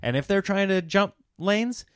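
A man's voice: sits high, a little slow, smooth, no echo, clean studio sound. A man hosting a podcast, telling stories in casual chat and acting out the people in them. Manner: animated, does mocking voices of people in his stories. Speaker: podcast host.

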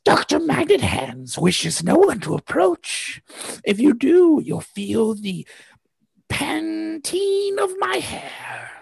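A man's voice: very high voice, big pitch swings, slow pace, creaky, no room sound, pitched above the performer's own voice, full character voice. A man voicing a stern female guardian with rigid tendrils of hair, in a commanding, warning tone, for a tabletop game. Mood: threatening.

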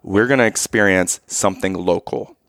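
A man co-hosting a podcast, telling a family road-trip story in casual chat, animated and rising to exasperated outbursts. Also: low voice, normal speed, no echo, clean studio sound. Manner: animated, rising to loud exasperation when quoting himself. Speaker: podcast co-host.

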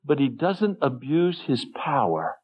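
A man preaching with earnest emotion, letting his voice sink low and soft at tender moments. He speaks slowly and deliberately. The recording sounds dull and muffled. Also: sing-song, breathy edge. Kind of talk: sermon.

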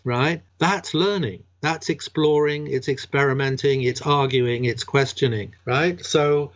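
A man explaining ideas about classrooms in relaxed conversation, often checking in with "right?". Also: medium pitch, measured pace, few pauses. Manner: chatty, peppered with "right?". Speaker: education guest. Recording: dull lo-fi sound.

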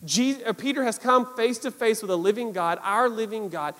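Man, pastor, sermon, animated, repetitive emphasis, long hall reverb. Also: sits high, moderate pace.

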